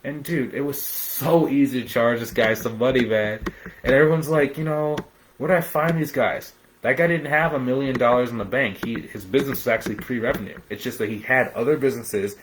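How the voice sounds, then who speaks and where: A young man hosts a live business training in a loose, high-energy way, full of "man" and "dude". He slips into quick little voices to act out clients haggling. His pitch sits in a middle range for a man. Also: a little hiss or hum, poor audio. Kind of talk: live-streamed coaching talk.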